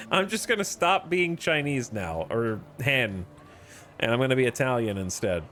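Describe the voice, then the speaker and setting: Lively man streaming a strategy game. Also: mid-range voice, normal speed, slight background noise. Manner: reads game event text aloud with wry asides. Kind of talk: casual gameplay commentary.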